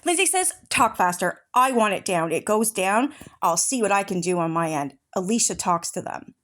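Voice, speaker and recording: A woman's voice: medium pitch, animated, normal speed, fairly bright tone. Furious woman reading messages aloud. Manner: furious, profane, confrontational. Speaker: true-crime commentary channel host.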